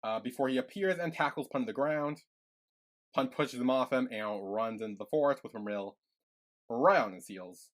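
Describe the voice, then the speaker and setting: A man's voice: mid-range voice, normal speed. A young man co-hosting a podcast, retelling scenes from a series in a loose, filler-heavy way. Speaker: podcast co-host. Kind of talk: casual recap chat.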